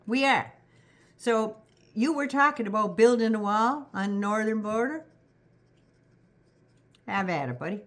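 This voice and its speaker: An older Canadian woman with a Canadian accent giving a sarcastic, profane political rant straight to her viewers, scolding and rising into loud indignant bursts. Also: medium pitch, expressive, measured pace, pauses often. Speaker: vlogger. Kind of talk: direct-address political rant.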